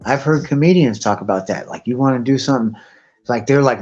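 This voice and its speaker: A man's voice: medium pitch, animated, fairly quick. Foul-mouthed man rambling on stream. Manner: profane, rambling, swears constantly. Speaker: guest on a live stream chat. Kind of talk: casual rambling chat. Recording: muffled lo-fi stream audio with faint music.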